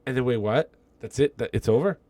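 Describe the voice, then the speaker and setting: A man's voice: mid-range voice, a little fast, mellow, no room sound. A middle-aged man co-hosting a podcast, chatting casually and swearing freely as he rambles through a movie review. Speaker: podcast co-host. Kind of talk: casual chat.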